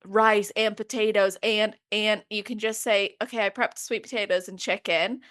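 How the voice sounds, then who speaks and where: A woman hosting a podcast interview, upbeat and animated, talking quickly with lots of "like". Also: medium pitch. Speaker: podcast host. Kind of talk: casual interview chat.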